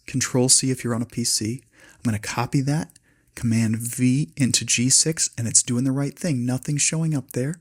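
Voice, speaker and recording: A man hosting a spreadsheet tutorial, calmly dictating a long formula step by step. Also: mid-range voice, breathy edge. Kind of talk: screen-recorded software tutorial.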